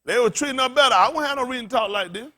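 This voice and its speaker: Man, pastor, high voice, bright sharp tone, impassioned sermon, colloquial preaching. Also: racing. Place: congregation gathering.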